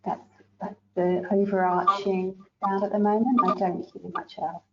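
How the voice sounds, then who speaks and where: A woman with an Australian accent, interviewing and answering in a relaxed, plain way. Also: mid-range voice, unhurried, lo-fi sound, very noisy.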